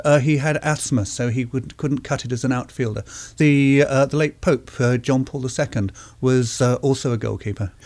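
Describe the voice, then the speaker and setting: A man talking reflectively in an interview, pausing often with fillers as he thinks aloud. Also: medium pitch, darkish tone. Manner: thoughtful, halting with many fillers. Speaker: author interviewed about goalkeeping.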